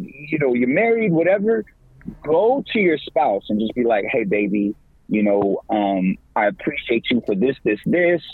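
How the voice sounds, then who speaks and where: Middle-aged male evangelist guest, slangy and animated; husky, dry and tinny like a phone. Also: no echo. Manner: animated, slangy, pitch leaps when excited. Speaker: podcast guest, evangelist and campus minister. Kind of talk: casual faith talk.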